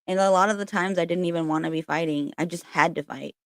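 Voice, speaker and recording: A woman's voice: fairly low pitch, fast, no room sound. A woman hosting a casual livestream chat as a spiritual reader at home, candid and chatty, with plenty of swearing. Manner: candid, chatty and profane, with frequent laughs. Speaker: spiritual reader and channel host.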